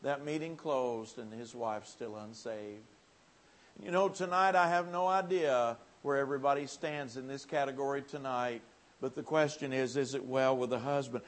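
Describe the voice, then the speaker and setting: A man preaching a folksy revival sermon in a church, swinging from quiet asides to loud, lifted appeals. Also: medium pitch, moderate pace.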